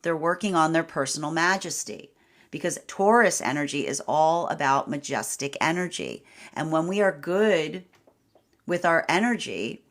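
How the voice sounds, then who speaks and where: Animated woman giving a tarot reading. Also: sits low, normal speed. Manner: animated, repeats "right?", laughs often. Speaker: tarot reader. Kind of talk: live tarot reading stream.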